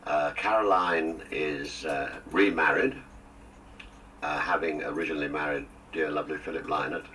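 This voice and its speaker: A man's voice: rumbling low, fairly even intonation, normal speed, bright, forceful tone, recorded from a distance, a little hiss or hum, rough recording. An older man, a guest on a radio interview, reminiscing with jokes and theatrical asides. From England. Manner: jokey, theatrical storyteller with asides.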